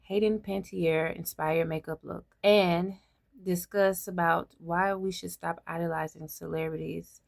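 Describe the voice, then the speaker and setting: A woman beauty vlogger talking to camera in a halting personal monologue, often repeating herself and trailing off. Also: fairly low pitch, fairly even intonation, creaky, dry recording, clean studio sound.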